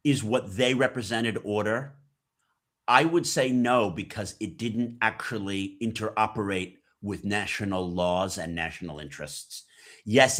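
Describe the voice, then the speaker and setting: A man's voice: lowish voice, fairly bright tone. A man who hosts a podcast, giving emphatic interview commentary full of rhetorical questions. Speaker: podcast host as guest.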